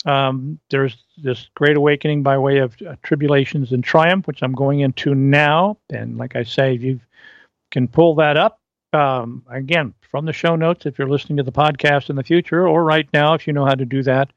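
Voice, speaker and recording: A man hosting a solo podcast, reading from his articles and riffing off script in a rambling, halting way with many fillers and restarts. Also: medium pitch, steady tone, no echo, lo-fi sound. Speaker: podcast host.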